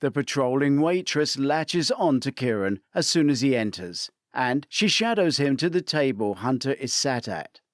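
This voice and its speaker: A man's voice: mid-range voice, lively intonation, moderate pace, few pauses, no echo, clean studio sound. Man narrating a mystery story.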